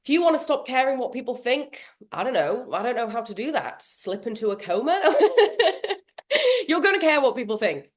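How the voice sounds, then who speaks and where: A woman's voice: high voice, sing-song, moderate pace. A woman running an online workshop, chatty and self-mocking, laughing often as she talks. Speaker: workshop trainer.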